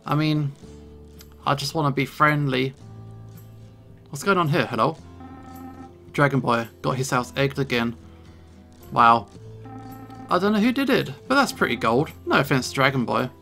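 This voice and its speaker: A man's voice: medium pitch, expressive, normal speed, gravelly, bright, forceful tone, faint music behind. A man hosting a let's play, commenting in a playful, jokey way and reading game dialogue. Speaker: gaming channel host.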